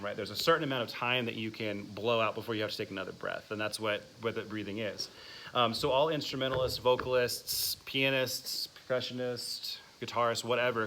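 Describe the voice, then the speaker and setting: Man, music teacher, bright clear voice, encouraging, asks questions, faint room noise. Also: mid-range voice. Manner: encouraging, asks the class questions, counts out exercises. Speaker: music teacher leading a masterclass. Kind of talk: classroom instruction.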